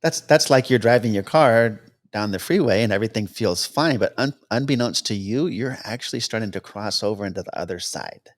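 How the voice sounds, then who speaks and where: A man's voice: brisk, few pauses. A man, a helicopter cameraman guest, telling stories casually and acting out the dialogue he quotes. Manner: anecdotal, acts out quoted dialogue with lively pitch jumps. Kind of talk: casual storytelling interview.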